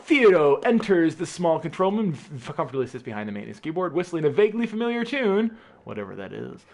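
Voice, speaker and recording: Animated man reading a script, laughing. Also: fast talker, vocal fry. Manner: playful, laughing, animated with big pitch swings. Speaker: script reader. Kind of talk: casual reading of a film script aloud with friends.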